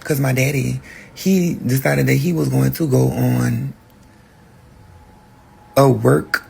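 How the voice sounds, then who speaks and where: Man with a heavily gravelly voice. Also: medium pitch, slow. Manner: candid, profane, animated storytelling. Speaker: podcast host. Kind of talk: personal storytelling.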